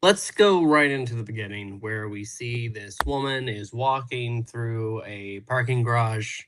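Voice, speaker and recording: A man's voice: mid-range voice, a little slow, fairly bright tone, clean tone, rough recording. A male guest reviewer recapping a TV episode in casual chat, meandering with many fillers.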